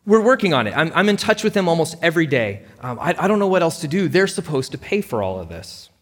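A man's voice: on the high side, big pitch swings, fast, in a large hall, voice pushed up. A man voicing a determined mother who confronts an insurance company with pointed, indignant questions. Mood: reassuring. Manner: indignant, pressing, sharp questions.

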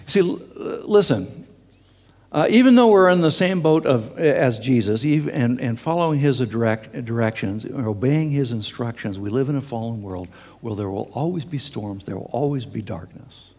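A man's voice: mid-range voice, moderate pace, a little mellow, slightly rough. A man preaching a sermon as pastor, earnest, with fillers and restarts, speaking in a church sanctuary. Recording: long hall reverb.

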